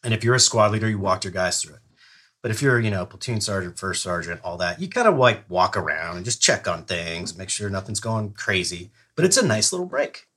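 A man's voice: fairly low pitch, very animated, a little fast, fairly bright tone, slightly rough. A middle-aged man, a retired soldier, telling a long story in casual, profane podcast talk, often laughing as he goes. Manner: profane, laid-back, laughs through his stories. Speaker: podcast guest, retired Army Ranger.

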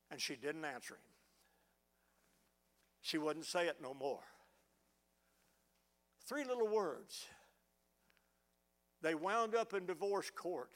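A man's voice: high voice, a bit bright. A middle-aged man preaching a fervent sermon, often stammering as he restarts words. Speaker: pastor. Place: church sanctuary.

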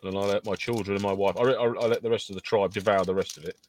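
A man's voice: lowish voice, steady tone, fast, a little hiss or hum. A man, a podcast co-host chatting casually in a jokey, bantering way. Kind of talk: casual chat.

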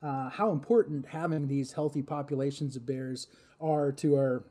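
A man from Alaska, a guest on a radio podcast, speaking earnestly and thoughtfully with small pauses and restarts. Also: medium pitch, dark tone. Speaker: guest wildlife expert. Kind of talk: casual interview talk.

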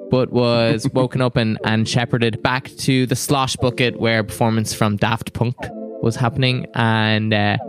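A relaxed man runs a tabletop game, narrating at an even middle pitch and laughing easily. Soothing music sits faintly behind him. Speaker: game master.

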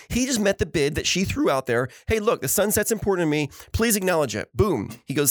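A man's voice: fairly high pitch, fairly quick, dry recording, clean studio sound. A middle-aged man in casual chat who tells stories with energy and acts out what others said. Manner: animated storyteller acting out quotes. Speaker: podcast co-host.

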